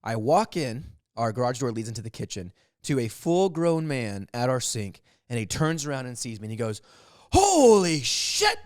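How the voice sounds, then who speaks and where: A man's voice: medium pitch, expressive, normal speed, a little mellow, dry recording. A man in his thirties co-hosting a comedy podcast, telling rambling stories with frequent laughs. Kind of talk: casual chat, comic storytelling.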